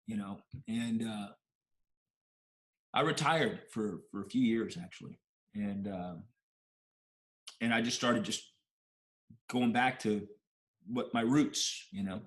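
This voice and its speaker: A man's voice: lowish voice, slow pace, long pauses. A man, a guest in an interview, telling a personal story in a heartfelt, emotional way, with many restarts.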